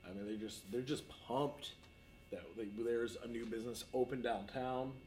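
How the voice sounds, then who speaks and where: A man co-hosting a casual podcast about running his café, talking in a relaxed, upbeat way with plenty of fillers. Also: mid-range voice, moderate pace, slight background noise, rough recording. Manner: relaxed, upbeat, thinks aloud with many fillers. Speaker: podcast co-host, café owner. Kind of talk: casual chat. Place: their café storefront.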